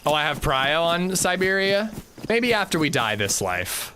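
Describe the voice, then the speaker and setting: Lively, bright-voiced male game streamer. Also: on the high side, a little hiss or hum. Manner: reads out viewer names in quick lively bursts. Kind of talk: casual live-stream chat.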